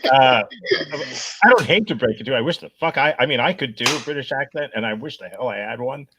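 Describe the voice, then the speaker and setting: A man hosting a comedy panel game, guiding it along with many "uh" and "um" pauses. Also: medium pitch, lively intonation, crowd noise. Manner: hesitant, "uh" and "um" fillers while guiding play. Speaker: game show host.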